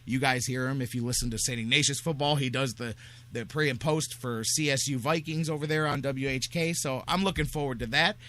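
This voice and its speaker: A man hosting a sports talk radio show, talking in an energetic, rambling, excitable way. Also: mid-range voice, brisk.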